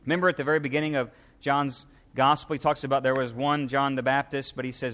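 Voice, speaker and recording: A man preaching a sermon, emphatic, reading scripture aloud and stressing key words, shifting between quick and slow delivery. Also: mid-range voice, little pitch movement, a bit bright. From United States. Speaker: pastor.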